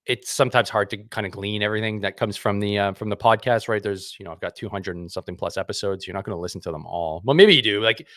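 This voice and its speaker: A low-pitched man talks through his podcast in a loose, energetic monologue. He keeps it conversational and often checks in with listeners through quick tag questions. The sound is close and dry, with no room echo. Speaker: podcast host.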